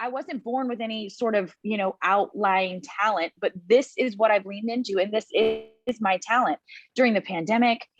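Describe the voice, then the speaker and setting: A woman speaking as a guest on a video call, giving a motivational talk in an energetic, emphatic way and repeating points for effect. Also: on the high side, dry recording, lo-fi sound.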